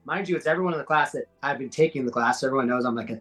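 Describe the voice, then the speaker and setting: A middle-aged man, a podcast guest telling fight stories in a slangy, animated way. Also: medium pitch, racing, few pauses, faint music behind, low-quality recording. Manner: animated, acts out quoted voices, slangy. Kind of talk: casual storytelling.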